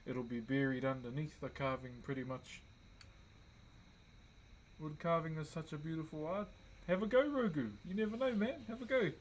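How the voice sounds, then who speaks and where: A man's voice: fairly high pitch, normal speed, long pauses, a little hiss or hum, poor audio. Laid-back New Zealand man chatting on stream. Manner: laid-back, greets chat viewers by name. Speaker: livestream host. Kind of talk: casual livestream chat while wood carving.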